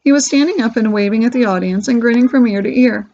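Woman reading a kids' novel aloud, husky and gravelly, somewhat high, dull lo-fi recording. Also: fast, dark tone. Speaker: reader.

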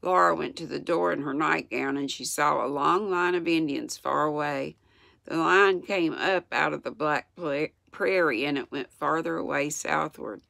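A woman in her sixties with a Southern US accent, reading a children's book aloud in a gentle, unhurried way with small slips. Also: low voice, gravelly, no room sound, studio quality. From United States. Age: 60s. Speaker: channel host reading aloud. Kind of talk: storybook read-aloud.

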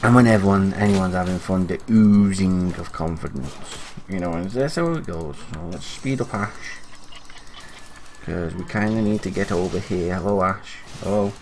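A young man chatting casually as he commentates his own online game, self-critical and excitable at times. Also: low voice, normal speed, slight background noise. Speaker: gaming commentator.

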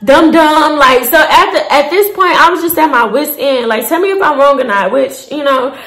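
A woman's voice: high-pitched, normal speed, fairly bright tone. A woman in her twenties telling a story to her viewers in a casual, candid, slangy and profane way. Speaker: storyteller vlogger. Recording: roomy echo.

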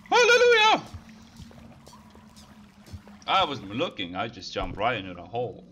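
A young man giving let's play commentary, excitable and swearing, with sudden yelps and shouts. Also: low voice, fairly quick, lo-fi sound. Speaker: gaming video creator. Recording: game music loud behind voice. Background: game music.

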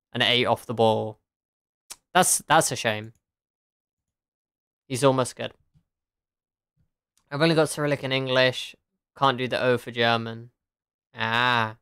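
A woman's voice: very deep voice, a bit bright, clear, resonant tone, no room sound, studio quality. A woman game streamer chatting casually, laughing often, swearing and answering her chat.

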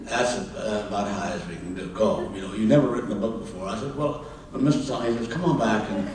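An older man from Kansas, a film director and author, tells anecdotes on stage in a halting way, repeating words and acting out the people in his dialogue. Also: fairly low pitch, crowd noise. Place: large hall at a public event. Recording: echoey hall, distant mic, faint noise.

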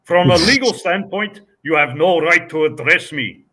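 A man voicing a defiant male Russian blogger in a deliberately bad Russian accent, lecturing insistently. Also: fairly high pitch, pushed and bright, pitched above the performer's own voice.

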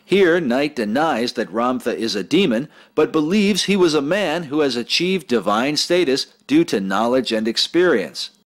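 A man giving measured, grave scripted narration for a documentary. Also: mid-range voice, lively intonation. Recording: narration over clear music.

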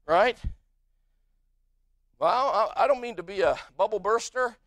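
An American man preaches from the pulpit in a strikingly high-pitched voice. His delivery swings between soft, low asides and sudden shouted peaks. The sound is dry and close, with almost no room echo. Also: expressive, a little slow. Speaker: pastor. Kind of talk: sermon. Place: church sanctuary.

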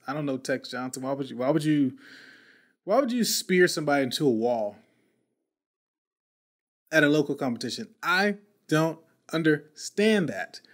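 Male podcast host, a touch high-pitched, in casual story mode with lots of restarts. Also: normal speed, long pauses. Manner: animated, slangy, repeats and restarts words.

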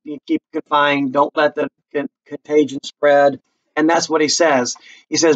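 A man's voice: on the high side, steady tone, unhurried, lo-fi sound. A man casually explaining a play to his class, chatty and loose, breaking into short dramatic readings of the lines. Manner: chatty, slips into character voices.

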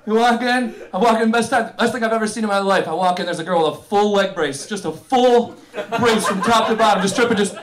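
A man in his thirties working a comedy crowd with a notably high voice. He rattles through loose, self-mocking bits, swearing freely as he spins each story. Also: brisk. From Buffalo, New York. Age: 30s. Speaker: stand-up comedian. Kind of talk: stand-up comedy set. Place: comedy venue with live audience.

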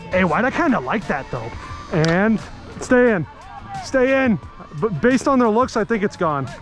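A man vlogging from an outdoor softball game, excitedly calling plays, laughing and yelling. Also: high voice, measured pace, faint music behind. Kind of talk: excited play-by-play vlog chat.

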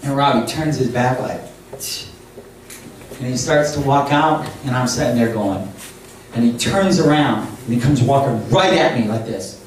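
An older man giving a storytelling sermon as a camp chapel speaker, animated and laughing as he acts out quoted lines. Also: medium pitch, normal speed. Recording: echoey hall, distant mic, noisy.

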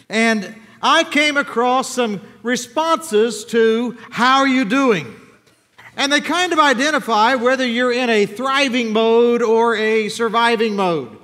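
A man's voice: very high-pitched, measured pace, bright, forceful tone. A man preaching a conversational sermon as pastor, asking his congregation questions. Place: church sanctuary. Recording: church hall with long reverb.

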